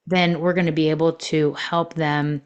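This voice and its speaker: A woman's voice: low-pitched, level tone, moderate pace, clean tone, dull audio. A woman coaching on relationships in a podcast monologue, telling personal stories in a reflective way with many fillers.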